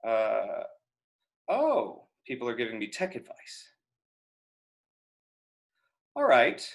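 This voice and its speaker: This man's medium-pitched voice is creaky and slow, with huge swings in pitch. Teaching an acting class over video, he answers chat questions in a relaxed, chatty live Q&A, thinking aloud with plenty of fillers and restarts.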